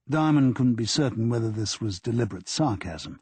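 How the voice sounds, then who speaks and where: A man reads a crime audiobook in a dry, wry storytelling manner. His husky voice moves through a wide pitch range. The recording is close and dry. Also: expressive, a little fast, hardly any pauses, a little mellow, no room sound. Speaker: audiobook narrator. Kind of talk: scripted audiobook narration.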